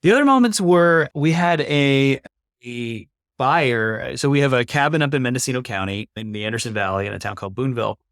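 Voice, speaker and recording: Podcast guest, thirties, reflective and conversational, mid-pitched, dry. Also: male voice, brisk, a bit bright, clear, resonant tone, no echo. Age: 30s. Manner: earnest, reflective, uses "like" often. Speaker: podcast guest, climate investor. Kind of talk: casual conversation.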